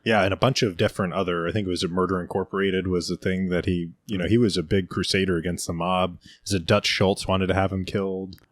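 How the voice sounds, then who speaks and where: A man's voice: low voice, flat delivery, fast talker, hardly any pauses. A man co-hosting a casual history podcast, talking loosely and correcting himself as he goes. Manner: rambling, self-correcting, lots of "like" and "I mean". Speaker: podcast co-host.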